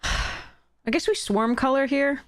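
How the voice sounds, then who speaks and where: A young woman commentates her own card game matches, laughing and swearing in frustration as she swings between exasperated outbursts and flat mutters. Her voice sits high and she speaks slowly and softly, with background music playing. It's casual gameplay commentary.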